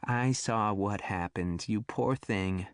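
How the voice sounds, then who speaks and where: A man's voice: fairly low pitch, slow pace, clear, resonant tone, dry recording, clean studio sound. A man reading an audiobook and voicing a kindly grandmotherly old woman with a thick Brooklyn accent. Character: elderly grandmotherly woman, kind and fussing.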